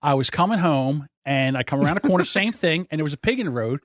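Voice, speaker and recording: A man hosting a podcast, telling a rambling story in a lively, laughing way. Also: on the high side, fast. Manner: animated, laughing, repeats himself. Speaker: podcast host. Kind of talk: casual storytelling.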